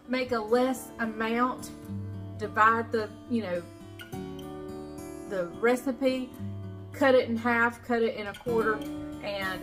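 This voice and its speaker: A woman with a Southern US accent talks her viewers through a kitchen recipe in a folksy, chatty way. She laughs easily and sounds relaxed at home. Soft music plays faintly underneath. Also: medium pitch. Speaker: cooking channel host. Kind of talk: casual kitchen vlog.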